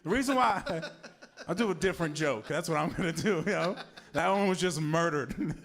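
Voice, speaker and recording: A man's voice: on the high side, normal speed, gravelly, fairly bright tone. A man hosting a comedy show in a small venue, joking loosely and laughing at his own flops. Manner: laughing, self-mocking, loose banter. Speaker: show host. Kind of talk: hosting a comedy open mic. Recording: crowd and noise in a small venue.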